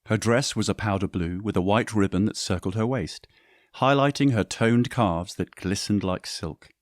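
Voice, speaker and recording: A man reading scripted story narration in a descriptive, measured way. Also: fairly low pitch, dry recording, studio quality.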